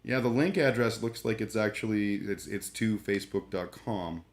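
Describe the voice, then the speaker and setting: Casual streamer, a man with a lower voice who rambles, jokes and restarts often. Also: moderate pace. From Canada. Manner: rambling, with many fillers and restarts; irreverent, joking. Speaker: live streamer. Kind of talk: casual live-stream chat.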